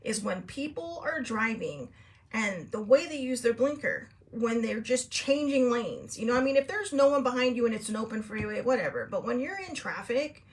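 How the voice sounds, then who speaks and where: A middle-aged host from California, telling a story in a casual, rambling way, laughing often and acting out both sides of an argument. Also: female voice, on the high side, expressive, normal speed. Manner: chatty, laughs often, rambling with fillers and restarts; acts out both sides of a quarrel in raised tones. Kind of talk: casual storytelling to a live chat.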